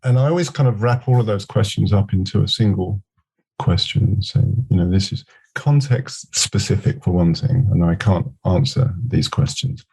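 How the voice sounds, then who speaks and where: With a low, gravelly, mellow voice carrying a breathy edge, a middle-aged scrum master talks at a moderate pace as a podcast guest. The interview is conversational, and he reflects while relaying anecdotes through quoted back-and-forth.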